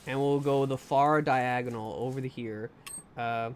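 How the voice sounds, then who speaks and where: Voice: mid-range voice, steady tone, a little slow, slight background noise. A live streamer giving gameplay commentary, talking to viewers, nervously narrating each move, swearing and pleading over and over with anxious laughs.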